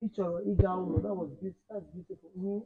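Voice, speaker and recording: A man with a high-pitched, steady voice talks very fast while teaching children a language, quizzing them and repeating and correcting phrases. He switches between Igbo and English, and the audio is phone quality.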